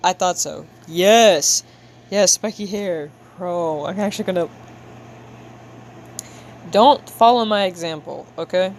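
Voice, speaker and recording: A woman's voice: on the low side, slow pace, long pauses, a little hiss or hum. A young woman chatting casually with her viewers while she draws on a livestream, playful and slangy, making a show of being frustrated. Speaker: livestreamer drawing for chat.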